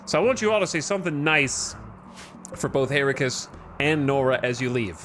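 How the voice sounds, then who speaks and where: A man's voice: mid-range voice, lively intonation, moderate pace, a bit bright, a little hiss or hum, close to an everyday voice. A man voicing a stern male colony leader with a Birmingham accent, delivering a theatrical, scolding eulogy. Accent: Birmingham, England.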